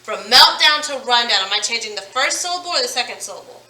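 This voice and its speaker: A woman teacher leading a phonics lesson, stretching out words slowly and praising her students as she goes. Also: a little high, lively intonation, bright, forceful tone, reverberant, recorded from a distance, slight background noise, poor audio. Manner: slow, drawn-out word modelling with praise.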